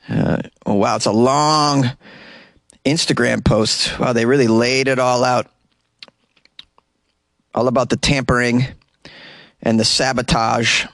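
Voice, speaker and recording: A man with a Boston accent delivers comedy news in a sarcastic, mocking voice at a middle pitch. He now and then slips into silly put-on voices. The sound is dry, with no echo, recorded in a small closet. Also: steady tone, measured pace, pauses often, fairly bright tone. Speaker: comedian podcast host.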